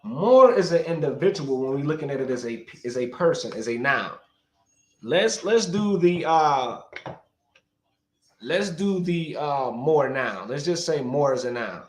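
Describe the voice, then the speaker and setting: A man's voice: medium pitch, echoey room. A man giving rambling livestream commentary, heated and profane, talking straight to his chat.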